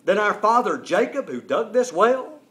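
A scornful, indignant Samaritan woman at a well, challenging and sharp-tongued, as a male preacher acts her out. The voice swings widely in pitch, climbing high on her barbs. It sits fairly high for a man's voice. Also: very animated, moderate pace.

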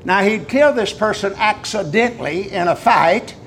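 An older man preaching a sermon in a folksy storytelling way, pausing with drawn-out fillers. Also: high voice, animated, fairly bright tone, slight background noise.

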